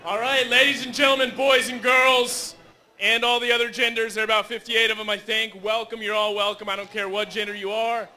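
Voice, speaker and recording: A man emceeing a gaming tournament, teasing the crowd and shouting to get them cheering. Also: sits high, level tone, a little fast. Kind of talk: joking crowd introduction. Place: large indoor tournament venue.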